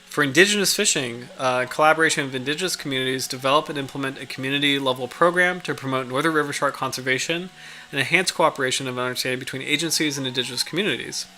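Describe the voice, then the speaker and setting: A man's voice: medium pitch, quick pace, sharp tone, slight background noise. A man hosting a casual livestream, reading out a study and chatting with viewers, with many fillers and restarts. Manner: rambling, reads out study, chats with viewers. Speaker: livestream host.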